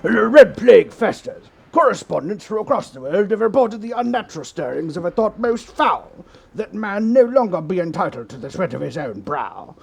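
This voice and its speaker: A man's voice: high-pitched, gravelly, darkish tone, breathy edge, voice pushed up, full character voice. A man putting on a hammy, grandiose voice of an old-timey British newsreel announcer while reading event text aloud.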